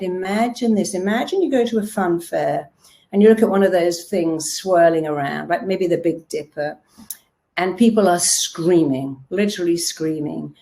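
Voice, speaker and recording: Animated woman giving a motivational talk. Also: medium pitch. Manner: animated storytelling, acting out quoted voices; emphatic, repeats words for stress. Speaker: self-help speaker and therapist.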